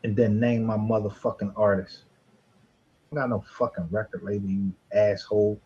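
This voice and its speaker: Livestream host, husky man, profane and mocking, dull lo-fi sound. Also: on the low side, little pitch movement, moderate pace. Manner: profane, mocking, shouting with bursts of laughter. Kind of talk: heated livestream argument.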